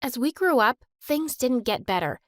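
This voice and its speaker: A young woman tells a first-person story with plenty of expression. Her voice is high and swings widely, recorded dry and up close. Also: sing-song, normal speed, no echo. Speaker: narrator.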